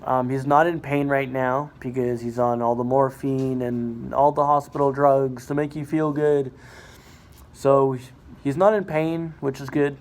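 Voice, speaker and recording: Illness weighs on the voice of a young vlogger filming in a hospital ward and in a car at night. His mid-range voice comes out flat and a little slow as he rambles to the camera, full of fillers and false starts.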